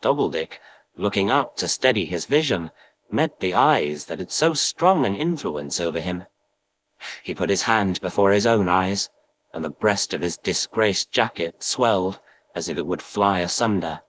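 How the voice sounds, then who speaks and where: Man reading a classic story like a famous actor, low and dramatic, voice swings a lot. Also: expressive, moderate pace, fairly bright tone, rough recording. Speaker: narrator. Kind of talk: audiobook narration in the manner of a famous film actor.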